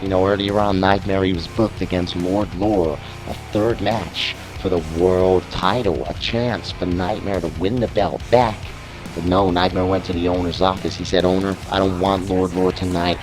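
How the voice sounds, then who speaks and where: A man with a low voice calls a video game wrestling show in a casual, outspoken way. He is blunt and opinionated and swears freely. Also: steady tone, normal speed, over music, low-quality recording. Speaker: wrestling commentator. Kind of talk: casual play-by-play commentary over a video game.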